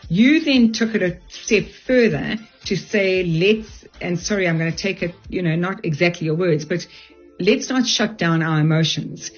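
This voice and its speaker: A woman's voice: on the low side, moderate pace, breathy edge. An older woman from South Africa, a guest on a radio show, giving earnest, direct advice. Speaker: resilience speaker, radio guest. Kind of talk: radio interview, advice talk. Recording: dull lo-fi radio audio, faint music.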